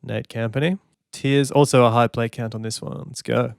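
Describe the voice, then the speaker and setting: Over music, a songwriter offers casual, enthusiastic commentary on an album, chatting and scatting or humming melodies as he talks. His gravelly voice is medium-pitched and steady, at a normal speed.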